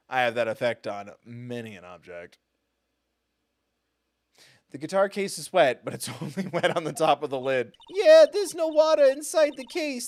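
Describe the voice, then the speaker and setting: A young adult man streaming a video game, joking casually and reading dialogue aloud. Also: medium pitch. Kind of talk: casual gameplay commentary.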